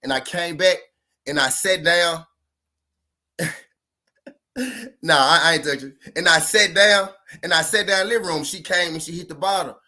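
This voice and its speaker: With a sharp, slightly high voice, fairly even intonation and a moderate pace broken by frequent pauses, this man tells viewers a relationship story casually. As a relationship-advice vlogger, he uses profane, repetitive, emphatic street talk to drive his points home.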